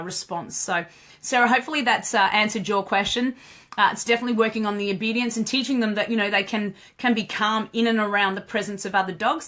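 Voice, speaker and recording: A woman's voice: medium pitch, a bit bright. A woman, hosting a casual live stream as a dog trainer, chatty and laughing, greeting viewers by name.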